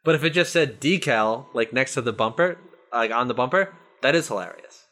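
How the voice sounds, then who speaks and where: A man with a mid-pitched voice chatting on a podcast. He tells stories with lively energy and swears freely. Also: brisk. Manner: animated storyteller, swears freely. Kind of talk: casual chat.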